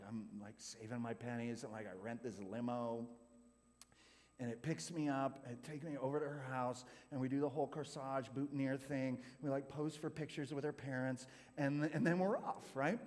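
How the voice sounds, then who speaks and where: A man from California giving a youth group talk, telling a personal story in a chatty way with lots of "like". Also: mid-range voice. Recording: hall reverb.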